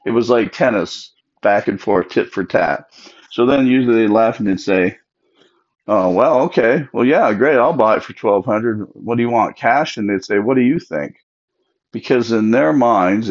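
Man, lowish voice, casual storyteller who acts out quoted relatives, dull lo-fi sound. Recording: dull lo-fi recording.

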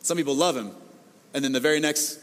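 A man preaching a sermon as pastor, animated and conversational, acting out the people he quotes. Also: a little high, quick pace, long reverb tail.

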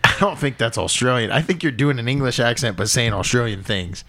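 A man's voice: mid-range voice, lively intonation, a little fast, pushed and bright. A man co-hosting a casual podcast, teasing and bantering with his friend. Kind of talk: casual chat.

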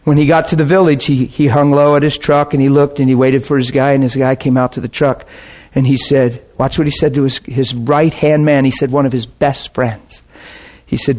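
At normal speed and medium pitch, a man preaches a sermon built around a folksy, animated story. Along the way he adopts the voices of those he's quoting.

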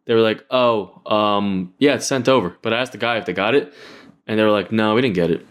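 A man's voice: on the low side, brisk, clear, resonant tone. A young man in casual chat, venting animatedly and laughing, his voice jumping up when he quotes himself.

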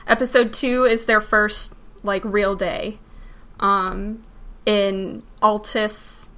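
A woman's voice: medium pitch, level tone, slow pace, fairly bright tone. A woman co-hosting a podcast in casual chat, making dry, sarcastic asides about a reality show. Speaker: podcast co-host.

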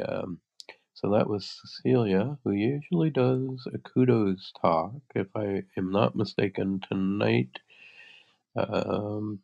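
Gravelly, stuffy-nosed man hosting slowly. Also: lowish voice. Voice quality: congested. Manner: relaxed, rambling host patter. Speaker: host of a live audio chat room. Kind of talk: casual chat. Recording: dull lo-fi sound.

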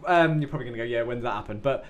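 A man bantering crudely and quickly on a casual podcast. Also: mid-range voice. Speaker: podcast co-host.

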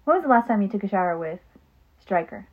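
A woman's voice: mid-range voice, lively intonation, fast talker, slightly rough. Chatty woman podcaster on a tinny phone. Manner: chatty, laughs often, trails off with ums. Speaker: podcast co-host. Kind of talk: casual chat. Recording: phone-like narrow sound.

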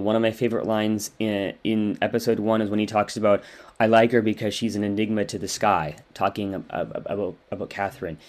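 Halting male interviewer. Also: on the low side, darkish tone. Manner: hesitant, repeats words while asking. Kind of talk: interview questions.

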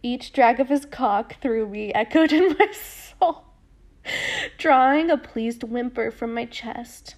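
Woman podcast host, reading aloud, giggly and chatty, slow, fairly high voice. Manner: giggly, chatty, lots of fillers. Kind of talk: reading a book aloud with casual commentary.

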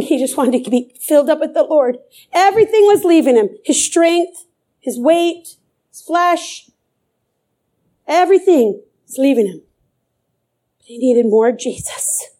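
Middle-aged woman preaching, high but mellow voice, keeps repeating lines for emphasis. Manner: fervent, repeats phrases for emphasis. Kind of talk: sermon.

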